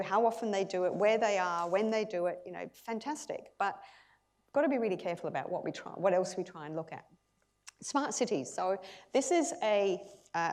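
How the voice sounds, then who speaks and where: An Australian woman in middle age gives a conference keynote in a talkative, lively way. Her voice sits at a middle pitch. She laughs easily and often restarts her sentences as she goes. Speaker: keynote speaker. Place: conference hall.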